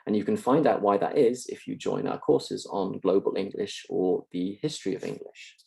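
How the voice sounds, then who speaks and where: Male university lecturer with a low, gravelly voice, steady and clear in his explanations. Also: rough recording. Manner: clear, measured explaining with occasional fillers. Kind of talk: recorded lecture.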